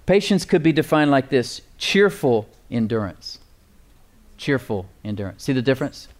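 A man preaching a sermon, slowing down to stress key phrases and calling for responses from the congregation. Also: mid-range voice, big pitch swings. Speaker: pastor.

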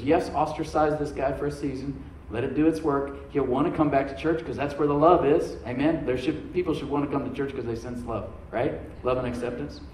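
Mellow-voiced male pastor preaching in an echoey room. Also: mid-range voice, slight background noise. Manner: conversational preaching with frequent "Amen?" prompts. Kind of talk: sermon. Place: church room before a congregation. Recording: echoey room, mic at a distance.

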